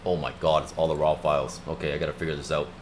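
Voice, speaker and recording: A man hosting a casual livestream, talking in an excited, rambling way and often repeating himself. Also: very deep voice, racing, slight background noise. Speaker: livestream host. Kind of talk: casual chat.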